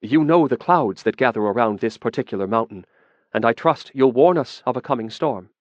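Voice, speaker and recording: A man's voice: medium pitch, lively intonation, a little fast, no echo, lo-fi sound, pitched above the performer's own voice, natural voice. A man voicing a courteous, earnest young male elf rider.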